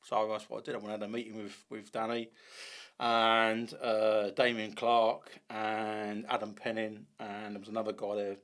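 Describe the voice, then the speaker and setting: A man, a podcast guest telling casual stories in an animated way, acting out dialogue with many restarts. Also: on the low side, moderate pace. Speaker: podcast guest, bait company founder.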